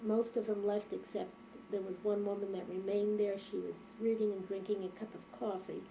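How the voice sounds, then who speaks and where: An older woman with a dark, mellow voice tells her life story at an easy pace. She speaks reflectively, and a faint noise sits under the recording. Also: medium pitch, little pitch movement, moderate pace, gravelly, poor audio. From Germany. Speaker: interviewee. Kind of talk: oral history interview.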